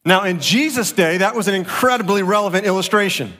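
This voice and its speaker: A man's voice: high-pitched, brisk, pushed and bright, long reverb tail. A man preaching a sermon as pastor, telling stories earnestly and repeating phrases for emphasis.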